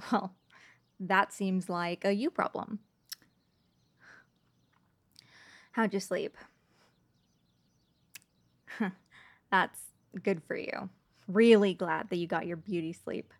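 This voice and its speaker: A woman's voice: medium pitch, fairly bright tone. A woman voicing a sarcastic, irritable young woman in an audio role-play, curt and full of swearing.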